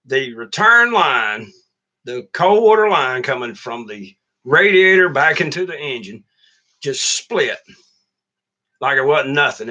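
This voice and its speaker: A man's voice: a little high, pushed and bright. A middle-aged man who hosts a channel and drives trucks, telling stories in a blunt, profane, complaining rant to his viewers. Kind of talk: casual livestream rant.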